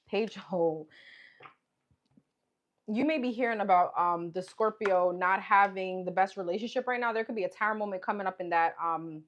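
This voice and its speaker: Female tarot reader, mid-pitched, casual and meandering, thinks out loud between cards. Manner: chatty, musing, repeats "okay" and "what's coming up" while pulling cards. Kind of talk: live tarot reading, thinking aloud.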